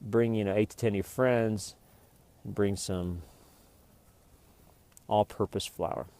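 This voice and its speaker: A man's voice: lowish voice, fairly even intonation, takes it slowly, mellow. A man hosting his own vlog, talking in a rambling, jokey, meandering way. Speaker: vlogger.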